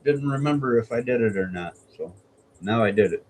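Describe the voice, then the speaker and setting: A man's voice: medium pitch, animated, fairly quick, a little mellow, a little hiss or hum, rough recording. A man chatting casually outdoors at night in a rambling, chuckling, laid-back way. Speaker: streamer. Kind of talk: casual chat. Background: faint crickets and insects.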